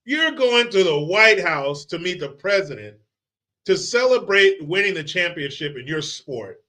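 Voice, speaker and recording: Bright-voiced man ranting profanely. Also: sits high, measured pace. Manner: profane, mocking, animated ranting. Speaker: livestream host. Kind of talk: casual ranting commentary.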